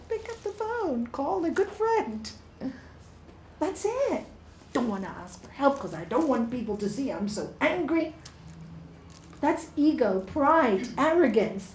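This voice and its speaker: Unhurried woman in an echoey room. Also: high voice, slight background noise. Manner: soft, unhurried, hushed in the meditation parts. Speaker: spiritual speaker. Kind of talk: informal inspirational talk. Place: yoga studio.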